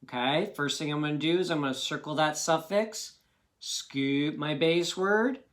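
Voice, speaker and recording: A man's voice: fairly high pitch, unhurried, fairly bright tone. A man teaching a children's phonics lesson, patiently sounding out words syllable by syllable.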